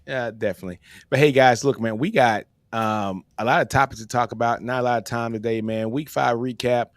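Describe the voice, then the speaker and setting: A man's voice: mid-range voice, no echo, studio quality. A man hosting a sports podcast in a casual, laid-back way, tossing "man" into almost every sentence. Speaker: podcast host.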